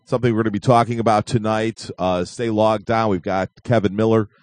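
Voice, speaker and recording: A man's voice: fairly low pitch, steady tone, brisk, darkish tone, no echo. A man hosting a live online talk show, joking and rambling with frequent fillers and restarts. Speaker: host.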